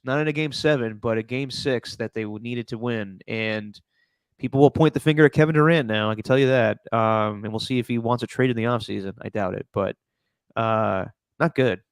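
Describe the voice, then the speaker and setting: Male podcast host, smooth clear mid-pitched voice, dry close mic, easygoing sports chat. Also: dry recording. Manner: relaxed, talks through live scores with fillers.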